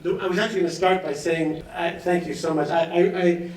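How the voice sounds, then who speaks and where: A man's voice: a little high, steady tone, fairly quick, a little hiss or hum. A man from Los Angeles giving a chatty, enthusiastic acceptance speech, laughing often. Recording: echoey hall, voice from far off.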